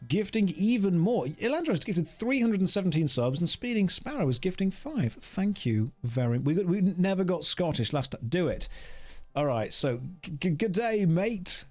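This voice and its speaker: Casting note: a jokey, rambling male streamer with an animated voice, faint music underneath. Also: high voice, moderate pace. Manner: rambling, jokey, reads chat aloud. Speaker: livestreamer. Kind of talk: casual livestream chat.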